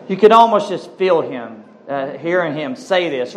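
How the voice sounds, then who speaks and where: A man preaching a sermon, reading scripture aloud and commenting on it in an emphatic, animated way. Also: a little high, normal speed, hardly any pauses. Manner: animated, emphatic, addresses congregation as folks. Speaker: pastor.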